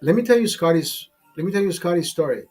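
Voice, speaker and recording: A man's voice: high voice, expressive, quick pace, darkish tone, husky, soft background music. A man hosting a casual show, telling a rambling, profane story with many restarts and repeated words. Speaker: host.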